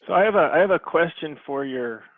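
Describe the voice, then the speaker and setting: A man, a game publisher, talking casually on a video call in a thoughtful, rambling way with many pauses. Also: a little high, animated, no room sound. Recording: phone-like thin audio.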